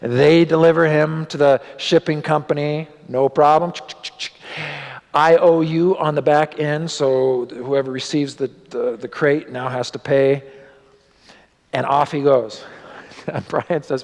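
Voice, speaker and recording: A male pastor telling a story in a sermon, animated, his voice rising and dropping for drama. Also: on the high side, unhurried, creaky. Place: church sanctuary. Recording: long church hall reverb.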